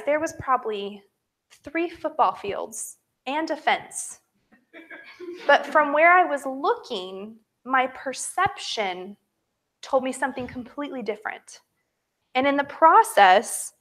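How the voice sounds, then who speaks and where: Chatty woman giving a motivational talk. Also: fairly high pitch. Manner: chatty, animated storytelling, addresses listeners as you guys. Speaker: direct-sales team leader.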